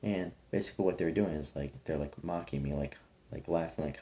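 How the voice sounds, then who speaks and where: A man's voice: very deep voice, brisk, mellow. A young man telling a personal testimony in a casual, rambling, earnest way, leaning heavily on "like". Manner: rambling, heavy use of "like", earnest.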